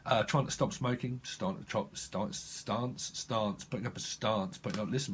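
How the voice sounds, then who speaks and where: Man, tarot reader, husky voice, rambling, casual, swears. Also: fairly low pitch, unhurried, hardly any pauses. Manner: rambling, swears, laughs often, talks to the viewer. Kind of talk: casual tarot reading video.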